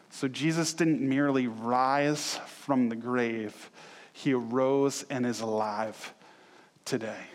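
A man preaching a sermon as a pastor, telling the story with animated asides and sudden loud acted-out outbursts. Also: mid-range voice, long reverb tail.

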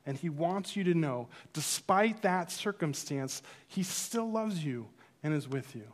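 A man's voice: on the high side, lively intonation, measured pace. A man preaching a sermon, telling a personal story and acting out his own reactions. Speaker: pastor.

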